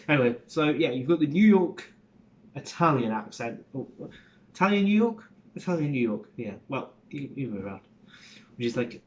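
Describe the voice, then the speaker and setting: A man's voice: mid-range voice, fairly bright tone, highs cut off. A man rambling casually through an accent tutorial, swearing and interrupting himself. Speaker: vlogger and acting student.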